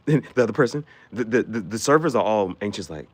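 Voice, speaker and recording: A man's voice: on the low side, animated, a little fast. Laughing, playful male streamer. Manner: playful, laughs often, riffs on the spot. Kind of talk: casual live-stream chat with viewers.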